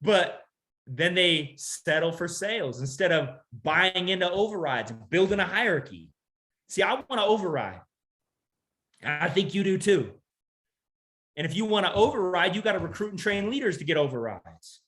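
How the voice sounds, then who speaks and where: A man's voice: high voice, very animated, normal speed, a bit bright. A man as a sales trainer, giving a motivational talk to an audience with punchy rhetorical questions and repeated key lines.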